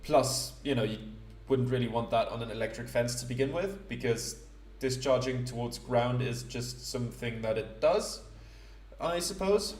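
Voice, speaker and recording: A man narrating his playthrough of a game in casual commentary, halting and self-deprecating, with many fillers. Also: medium pitch, darkish tone. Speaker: let's play host. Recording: roomy echo.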